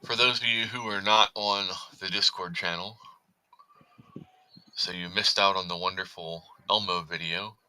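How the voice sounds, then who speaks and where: A man's voice: low voice, steady tone, measured pace, sharp tone, smooth, no echo, poor audio. A man hosting a casual livestream, chatting, reading viewer comments and talking to his cat. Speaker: livestream host.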